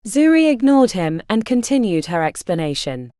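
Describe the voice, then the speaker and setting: A woman reading a fantasy audiobook as its narrator, in an expressive storytelling manner. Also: medium pitch, normal speed, no echo, studio quality. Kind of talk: scripted narration.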